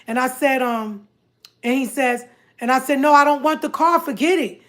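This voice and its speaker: A woman telling a personal story to her viewers in a casual, animated way, often acting out what others said. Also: high-pitched, moderate pace. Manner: animated, repeats herself, quotes others in dialogue.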